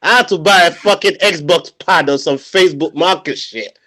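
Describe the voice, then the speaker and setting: A man, a guest in a casual fan chat, animated and full of street slang and swearing. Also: fairly high pitch, moderate pace. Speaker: guest YouTuber.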